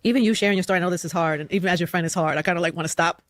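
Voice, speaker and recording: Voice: mid-range voice, racing, a bit bright, dry recording. A talk show co-host comforting a friend in a soothing, protective way.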